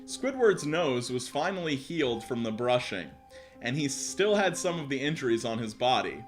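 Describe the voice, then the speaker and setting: A man's voice: medium pitch, sing-song, normal speed, faint music behind. A young man streaming live, reading a story aloud and breaking off to joke, laugh and talk to his chat. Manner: laughing, mocking, swearing, talks to chat. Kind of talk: casual reading with joking asides.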